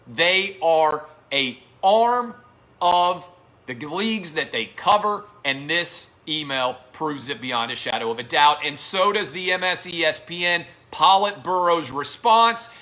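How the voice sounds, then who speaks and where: A man's voice: sits high, sharp tone. Heated, sarcastic male show host. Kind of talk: sports opinion commentary.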